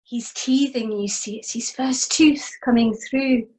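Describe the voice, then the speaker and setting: A clever young mother frets aloud and coaxes her way home, with a high voice and a slow, careful delivery, as a woman storyteller puts her on. It sounds like a spoken folk tale. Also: animated. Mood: fretful. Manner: fretful, pleading, then coaxing.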